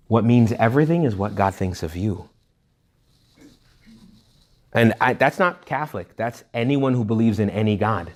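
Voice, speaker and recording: A man, a Catholic priest, giving a retreat talk to young adults in a blunt, jokey, animated way. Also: mid-range voice. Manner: animated, jokey, acts out quoted voices; blunt and emphatic.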